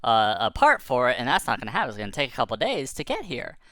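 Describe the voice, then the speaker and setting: Lady doing a friendly cotton candy guy, encouraging, bright lively voice. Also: very deep voice, quick pace, dry recording, studio quality, pitched below the performer's own voice, exaggerated voice. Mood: doubtful. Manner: encouraging, calls the narrator kid. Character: friendly adult male cotton candy vendor.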